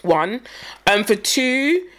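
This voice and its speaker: A woman's voice: a little high, big pitch swings, drawn-out words, a bit bright. A young woman co-hosting a casual podcast with her sister, telling stories in a chatty way. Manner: chatty storyteller, playful mimicking of voices. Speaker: podcast co-host. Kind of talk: casual chat.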